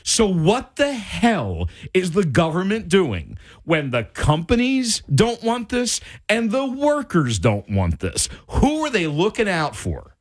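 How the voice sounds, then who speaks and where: A man's voice: high voice, huge pitch swings, slow pace, few pauses. A middle-aged man hosting a talk radio show, ranting in an exasperated, casual monologue.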